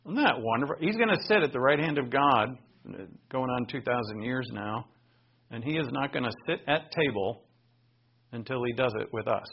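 A man preaches in an earnest, conversational tone, his voice gravelly and husky. The recording sounds a little dull and lo-fi. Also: medium pitch, animated, moderate pace. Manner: earnest, conversational storytelling with personal asides. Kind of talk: sermon.

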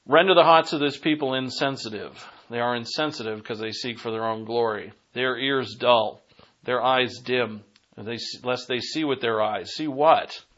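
Male preacher, Boston accent, emphatic Bible teaching, mid pitch, muffled lo-fi recording. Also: moderate pace, a bit bright. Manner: emphatic, digressive, rising to punch key phrases. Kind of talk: sermon.

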